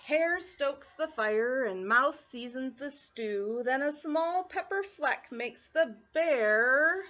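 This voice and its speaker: Slow, expressive woman reading to children. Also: high voice. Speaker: teacher. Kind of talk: children's storybook read-aloud. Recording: lo-fi muffled recording.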